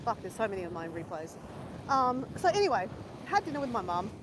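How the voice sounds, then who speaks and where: An Australian woman chatting casually to her live-stream viewers while walking outdoors, animated and swearing freely. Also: medium pitch, fairly quick, background noise. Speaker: vlogger. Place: outdoors near a lake and bridge.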